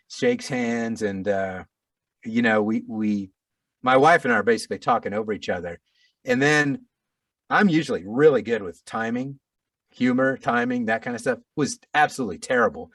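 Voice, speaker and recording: A middle-aged man, an audiobook narrator, telling a story in a casual interview, animated and self-deprecating with frequent restarts. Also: mid-range voice, dry recording, recorded from a distance.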